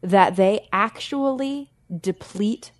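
A woman co-hosting a podcast, explaining science in a chatty way, thinking aloud with fillers and quick self-corrections. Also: mid-range voice, no echo, clean studio sound. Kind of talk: casual science chat.

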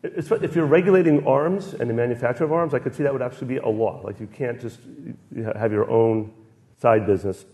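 A man's voice: mid-range voice, brisk, dark tone, dull audio. A man on a podcast panel, rambling through his reasoning with self-deprecating jokes. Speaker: guest panelist. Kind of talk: casual banter.

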